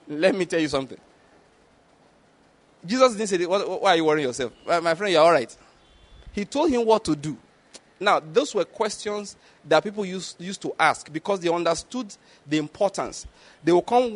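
A man preaching a sermon, emphatic and chuckling often, checking whether listeners get his point. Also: fairly bright tone. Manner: acts out quoted voices in a high pitch.

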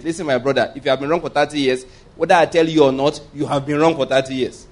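A man preaching with a slightly raised, fairly high voice. He hammers his points home by repeating them and firing rhetorical questions at his listeners. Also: steady tone, quick pace. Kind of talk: sermon.

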